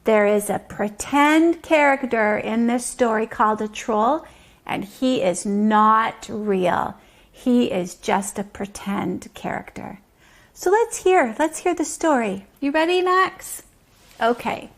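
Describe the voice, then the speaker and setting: Slow-talking woman reading to toddlers. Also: fairly high pitch, expressive. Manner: slow, gentle, explaining. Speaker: preschool teacher. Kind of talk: reading a story aloud to toddlers.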